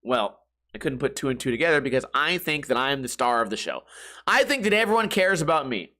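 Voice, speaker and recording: A podcast host with a mid-range voice talks very fast and animatedly, his tone bright and forceful. He tells a crude, meandering comedic story in a casual monologue, laughing at his own jokes.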